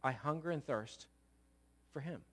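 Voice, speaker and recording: A man preaching a sermon, moving between loud emphatic exclamations and low, quiet asides. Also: unhurried, husky. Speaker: pastor.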